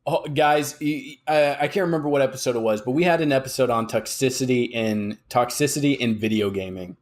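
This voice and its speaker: A man of middle pitch hosting a chatty podcast. He talks haltingly, stopping on uhs as he steers the conversation. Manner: halting, asks questions with many uhs. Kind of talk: casual chat.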